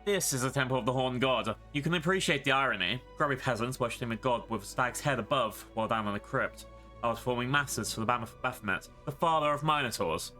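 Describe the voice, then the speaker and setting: A man's voice: medium pitch, fast, pushed and bright, soft background music, natural voice. A man voicing a scheming female cult priestess who mocks and taunts her enemies. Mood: threatening. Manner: mocking, taunting.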